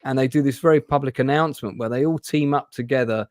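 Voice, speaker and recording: A man's voice: mid-range voice, fast, a little mellow, no room sound. Male host, casual rambling talker, dry close sound. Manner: rambling, hesitant, with many restarts. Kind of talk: casual chat.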